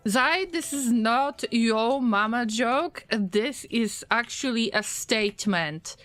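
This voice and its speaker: A woman streamer giving gameplay commentary, fretting out loud and talking straight to her colonists as if they could hear her. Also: a little high, slow, no echo. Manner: frets aloud and talks to her colonists. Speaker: game streamer.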